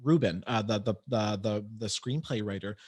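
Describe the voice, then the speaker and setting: A man's voice: fairly low pitch, moderate pace, a little mellow, breathy edge. A man hosting an interview podcast, talking casually and rambling with many restarts as he explains his work as a medium. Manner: chatty, rambling with frequent restarts.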